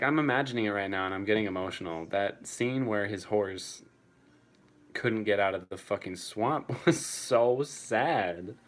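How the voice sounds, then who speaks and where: A young man answering chat casually on a live stream, swearing freely and laughing often. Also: on the low side.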